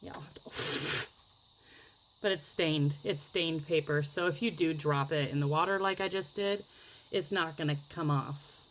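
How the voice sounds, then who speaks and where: A woman talks slowly and rather low as she demonstrates a craft at her table. She gushes over each result and rambles from thought to thought, now and then sinking to a whisper. A faint hum of room noise sits behind her. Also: low-quality recording. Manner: gushing, rambling, chatty, drops into whispers. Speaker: craft vlogger.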